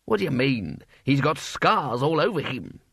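A man's voice: mid-range voice, very animated, moderate pace, gravelly, a bit bright, breathy edge, no echo, studio quality, full character voice. A man voicing a peevish, pompous elderly wizard dean in an audiobook. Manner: huffy, self-satisfied.

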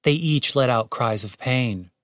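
Male audiobook narrator, steady wry reading, dry close mic, mid pitch. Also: unhurried, no echo. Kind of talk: scripted narration.

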